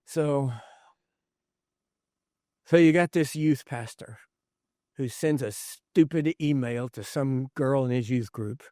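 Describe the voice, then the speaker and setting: A man preaching a leadership sermon as an animated storyteller, acting out the voices of the people in his stories. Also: mid-range voice, slow, pauses often, no echo, clean studio sound. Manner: animated storyteller, acts out quoted voices, chuckles. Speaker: pastor speaking on leadership. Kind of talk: conference sermon.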